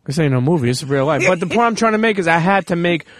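A man hosting a podcast, telling stories in a lively, profane way in casual interview chat. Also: fairly high pitch, fast talker, dry recording, studio quality. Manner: animated, profane storytelling. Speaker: podcast host.

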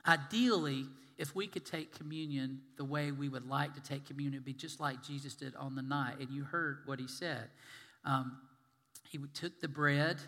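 Folksy pastor in a reverberant hall. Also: male voice, on the high side, sharp tone. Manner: folksy and conversational, acting out quoted voices. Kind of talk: sermon. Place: church sanctuary. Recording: long reverb of a large hall.

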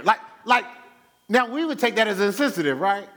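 A male pastor delivers a loose, conversational sermon, his fairly high voice swinging widely in pitch. He stammers through restarts and throws himself into acting out the people he quotes. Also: sing-song, normal speed, pushed and bright.

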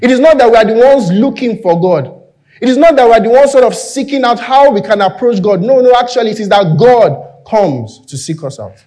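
Male pastor, high-pitched, animated, acts out the people in the story. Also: a little fast. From Nigeria. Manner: animated, acts out biblical figures in quoted voices. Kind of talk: sermon. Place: church hall.

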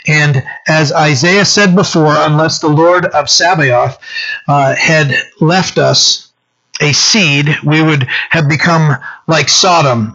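A man's voice: fairly high pitch, sharp tone. Pastor guy preaching, loose and chatty, keeps saying right, kinda muffled recording. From French-descended local community. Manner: conversational, frequent fillers and "right?" checks. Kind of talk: sermon teaching. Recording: dull lo-fi sound.

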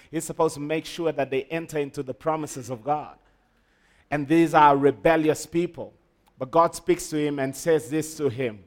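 A man preaching a sermon, emphatic, with call-and-response to the congregation. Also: fairly high pitch. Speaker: pastor.

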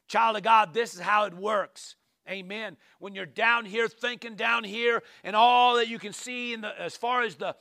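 A man's voice: high-pitched, vocal fry, pushed and bright, no echo. A man preaching a sermon, reading psalms aloud and breaking in with emphatic asides and calls of amen and hallelujah. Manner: reads scripture aloud with frequent asides.

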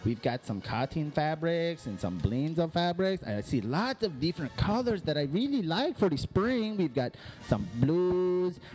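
A flamboyant male fashion consultant, played by a man, gushes and scolds in a theatrical comedy-sketch voice. His pitch sits a touch high and leaps wildly from line to line. Soft music plays quietly underneath. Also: big pitch swings, a little slow, hardly any pauses. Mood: gushing. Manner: theatrical, swooping, swings from gushing to indignant.

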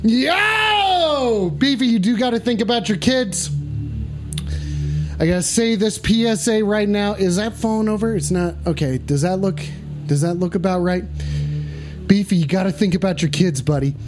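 A man hosting a rowdy, profane livestream, swinging between manic yelps and low mumbling asides. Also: normal speed, over music. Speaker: livestream host.

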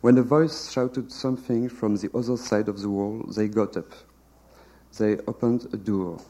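A man giving a measured, deliberate literary reading of a translated novel at a live panel event. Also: on the low side, fairly even intonation, mellow, poor audio.

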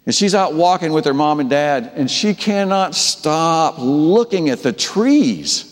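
A man preaching a sermon, telling the story with animated delivery and acting out the characters' voices. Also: fairly high pitch, unhurried, in a large hall. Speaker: pastor.

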